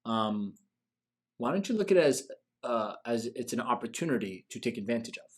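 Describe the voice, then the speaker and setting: A man's voice: medium pitch, very animated, fairly quick, breathy edge. A man hosting a business coaching show, giving an emphatic motivational talk full of rhetorical questions.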